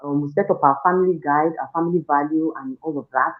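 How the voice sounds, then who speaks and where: Animated Nigerian woman on a tinny line. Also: low voice, quick pace. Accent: Nigerian English. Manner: animated, acts out scolding and prayer, laughs often. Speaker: parenting program participant. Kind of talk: testimonial interview. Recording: echoey room on a tinny phone-like line.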